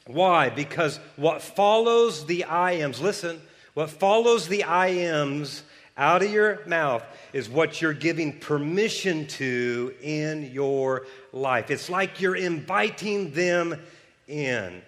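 Male pastor, pumped-up sermon delivery, slightly high voice, in a reverberant hall. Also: slow. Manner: energetic preaching, rising to shouts. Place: large church hall.

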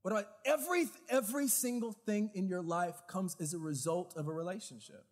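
A man preaching a sermon as pastor, with animated, lively storytelling in quick bursts. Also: high voice, long reverb tail. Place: church hall.

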